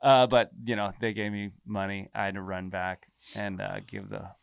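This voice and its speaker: A man's voice: on the low side, normal speed, creaky, clean tone, no echo. Dry-voiced man telling a wild story. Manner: animated, swears a lot, acts out quoted lines. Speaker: podcast guest, musician. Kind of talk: casual storytelling.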